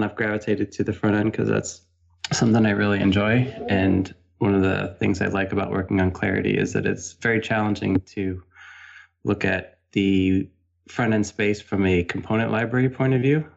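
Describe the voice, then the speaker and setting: A man, a UI engineer, introducing himself on a podcast in a measured way. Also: on the low side, little pitch movement, gravelly. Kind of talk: casual tech interview. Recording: dull, lo-fi remote mic.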